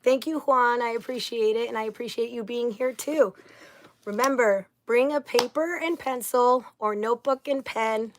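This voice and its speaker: A woman's voice: a little high, moderate pace, slight background noise. A woman hosting a casual livestream. She chats upbeat and effusive, greeting viewers one by one. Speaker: livestream host.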